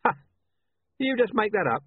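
A man voicing a sharp, blunt watch commander. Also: high-pitched, very animated, normal speed, slightly rough, no room sound, pitched above the performer's own voice, full character voice. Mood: curt. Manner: sharp and demanding. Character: blunt, irritable middle-aged male watch commander. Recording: tinny, dry, phone-like sound.

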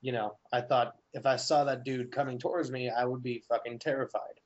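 A man talks loosely about films, circling back on his words and swearing now and then. His voice sits at an average pitch. The sound is dull and lo-fi, as from a laptop mic on an online call. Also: steady tone. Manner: halting, restarts, swears casually. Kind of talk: casual movie discussion. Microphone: laptop or headset on a call.

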